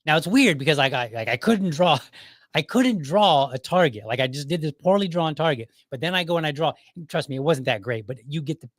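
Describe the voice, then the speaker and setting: A man's voice: fairly high pitch, animated, a little fast, no echo. A middle-aged man hosting his own show, telling a casual story in a loose, conversational way and chuckling often as he goes. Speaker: podcast host.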